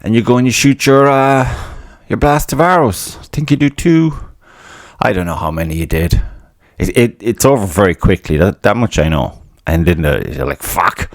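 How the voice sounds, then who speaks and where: A low-voiced Irish man talks loosely on his own podcast. He rambles, drops curses constantly and mocks his own failures with a laugh. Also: animated, moderate pace, no echo, studio quality. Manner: swears a lot, self-mocking, laughs at himself. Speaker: podcast host. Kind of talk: casual rambling monologue.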